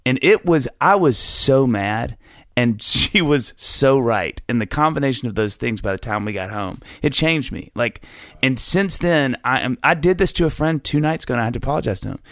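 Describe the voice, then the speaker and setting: A man in casual conversation, telling lively stories and acting out the voices of the people in them. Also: mid-range voice, normal speed, no echo, studio quality. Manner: animated storyteller, acts out quoted voices.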